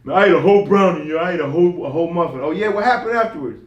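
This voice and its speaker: A young man tells a wild story at a high pitch, swearing and laughing through it. He is heard from a step back in a roomy, echoing space. The talk stays slangy and casual the whole way. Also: racing, muffled recording. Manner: animated, slangy, swears a lot, laughs while telling. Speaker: podcast co-host. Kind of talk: casual storytelling among friends. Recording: echoey room, mic at a distance.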